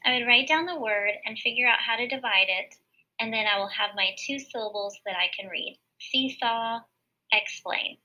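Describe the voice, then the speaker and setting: A woman teacher giving a recorded word study lesson for children, patiently sounding out syllables slowly and clearly. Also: fairly high pitch, pushed and bright, dull audio.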